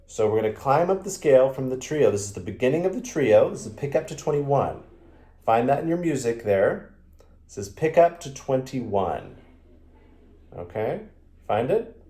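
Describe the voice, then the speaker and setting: A man's voice: medium pitch, darkish tone. A man teaching a violin lesson, patiently counting beats aloud in a sing-song way. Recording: echoey room with violin playing.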